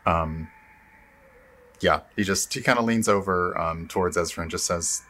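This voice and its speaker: A man's voice: sits low, normal speed, bright, forceful tone. A man playing a tabletop game, thinking aloud in a rambling way with many fillers. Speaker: player. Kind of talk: tabletop role-play chat.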